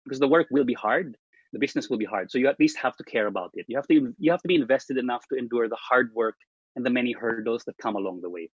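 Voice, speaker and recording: A man giving a presentation on marketing, speaking emphatically, starting phrases high and letting them trail off. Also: fast talker, husky, no room sound. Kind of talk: presentation talk. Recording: dull lo-fi dry sound.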